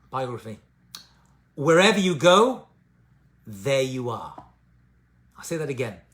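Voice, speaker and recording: A man's voice: on the high side, a bit bright. A man delivers an informal talk on addiction recovery and spiritual growth. His delivery is conversational and personal, full of "right?" and "you know." He drives his points home by repeating the key phrases. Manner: emphatic repetition of key phrases.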